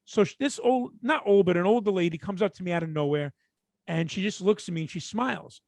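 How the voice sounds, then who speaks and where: High-voiced New man telling stories. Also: quick pace, creaky, dry recording. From Brooklyn, New York. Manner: animated, profane, acts out the people in his stories. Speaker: podcast co-host. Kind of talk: casual podcast storytelling.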